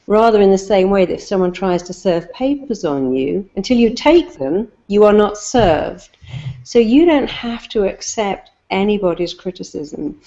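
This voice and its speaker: A woman's voice: medium pitch, expressive, moderate pace, dark tone, dull audio. A woman, a therapist, giving emphatic motivational advice and telling stories with lots of repetition. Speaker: therapist guest.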